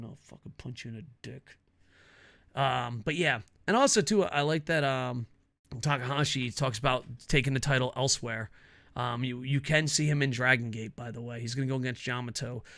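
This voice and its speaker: A man hosting his own wrestling commentary show, ranting casually with lots of swearing, laughter and excitable asides. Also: mid-range voice. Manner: profane, excitable, laughs a lot. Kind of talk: casual opinion rant.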